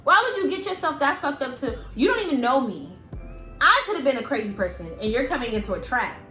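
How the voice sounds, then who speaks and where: A young adult woman telling a storytime vlog in a blunt, animated and profane way. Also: sits high, quick pace, faint music behind. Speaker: vlogger. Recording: roomy echo.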